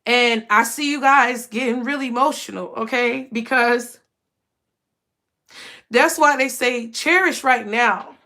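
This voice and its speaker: A young woman with a fairly high voice talks to her viewers in a casual spiritual reading. She gets emotional, repeats herself and keeps calling them y'all. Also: unhurried, pushed and bright. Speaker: tarot reader.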